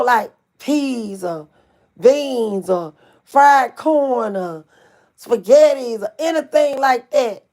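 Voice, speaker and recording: A middle-aged woman telling a family story to her viewers in a casual, animated, folksy way, cursing freely. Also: high voice. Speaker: channel host.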